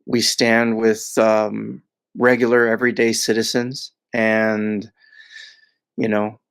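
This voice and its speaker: Male podcast guest, low and monotone, measured and careful, hedges his points. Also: creaky, clear, resonant tone. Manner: measured, hedging, with repeated filler words. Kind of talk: casual podcast chat.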